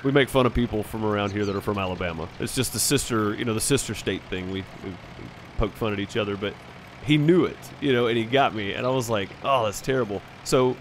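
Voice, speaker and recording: A man's voice: on the low side, fast talker, slight background noise. Chatty man on a game stream. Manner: rambling, chatty, fillers and restarts. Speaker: streamer playing a farming game. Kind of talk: casual storytelling over voice chat.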